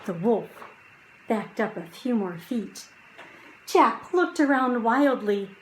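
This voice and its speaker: A woman reading a children's chapter book aloud, slow and hushed at quiet moments and lifting her voice for drama. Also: on the high side, expressive, poor audio. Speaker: audiobook reader.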